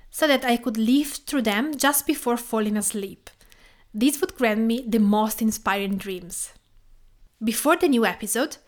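Italian-accented female podcast host, slightly high voice, calm scripted delivery. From Tuscany, Italy.

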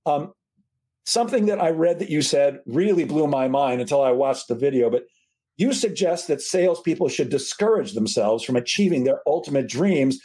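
A man hosting an interview podcast, talking in an animated way with stumbling restarts and self-deprecating asides. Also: on the high side, moderate pace, rough recording. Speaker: podcast host. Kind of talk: interview conversation.

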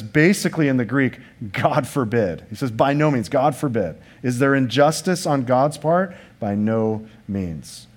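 Male pastor, mid pitch, earnest emphatic sermon delivery with conversational asides. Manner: earnest, emphatic preaching with rhetorical questions; restarts and fillers, conversational asides to the congregation.

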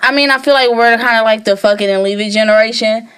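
Woman, 30s, podcast co-host. Smooth, clear tone; blunt, profane, animated. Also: on the high side, fast. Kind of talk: casual chat.

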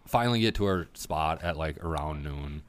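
A man with a remarkably low, rumbling voice tells a hunting story in a loose podcast chat. He talks with lively energy and swears freely. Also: normal speed, clean tone.

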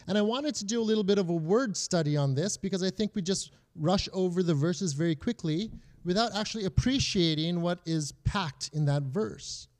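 High-voiced man teaching casually. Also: moderate pace, darkish tone. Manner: conversational, often checks in with "okay?". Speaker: Bible teacher.

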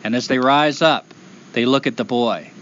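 A man telling a traditional folktale aloud in a rhythmic, expressive way, repeating phrases for effect. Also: medium pitch, moderate pace, muffled recording. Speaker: storyteller. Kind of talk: oral folktale storytelling.

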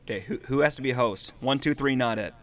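A man's voice: medium pitch, fast talker, a bit bright. A man co-hosting a casual gaming podcast over a video call, protesting and bantering. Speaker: podcast co-host. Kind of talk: casual chat.

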